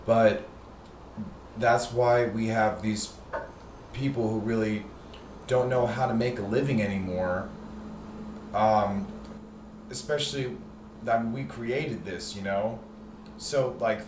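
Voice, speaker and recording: A man hosting a heated, profane, sarcastic ranting monologue. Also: medium pitch. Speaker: host. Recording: echoey room with faint noise.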